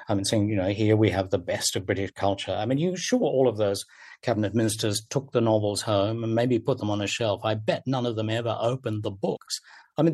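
An older man, a literary critic, speaking in a radio interview with emphatic, animated delivery and wide swings in pitch.

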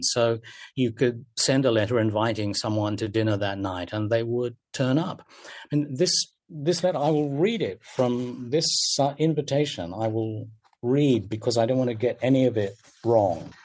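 An older man, a literary critic, speaking in a radio interview with emphatic, animated delivery and wide swings in pitch.

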